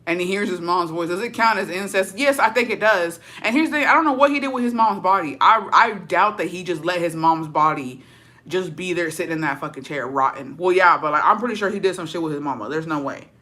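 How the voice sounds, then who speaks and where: A woman's voice: on the low side, brisk, bright, forceful tone. A woman streamer in casual chat with viewers, telling a story in slang full of swearing and laughter, dropping in words.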